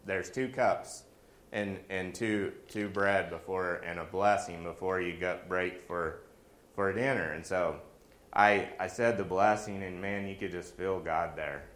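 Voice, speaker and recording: A male pastor delivers a sermon as a string of lively personal stories, tossing in jokey asides. His voice sits on the low side. The sound carries a noticeable room echo. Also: measured pace. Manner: animated, jokey asides, acts out quoted voices. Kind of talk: storytelling sermon.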